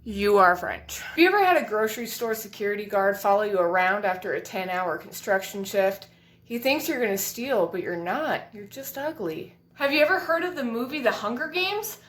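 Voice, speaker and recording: A young woman delivering a deadpan comedy monologue of absurd one-liners, recorded on a household item used as a mic. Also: medium pitch, normal speed, roomy sound.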